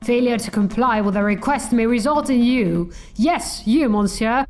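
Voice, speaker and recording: A woman's voice: a little high, normal speed, a little mellow, voice pushed up, lightly acted. A woman voicing a pompous male falcon defense attorney who speaks in stiff, formal legalese. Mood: imperious.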